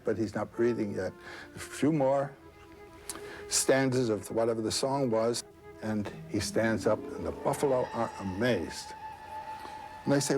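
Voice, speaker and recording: Brief: male storyteller, conversational, pauses with fillers, faint music underneath. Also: mid-range voice, a little mellow, poor audio. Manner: halting, with many uh fillers and asides. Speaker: guest storyteller. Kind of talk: retelling a myth in conversation.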